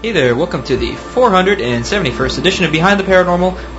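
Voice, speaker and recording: A man's voice: high voice, lively intonation, fast, music in the background. A younger man, co-hosting a radio talk show in a casual, self-joking way. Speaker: co-host. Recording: dull lo-fi radio audio with faint hiss.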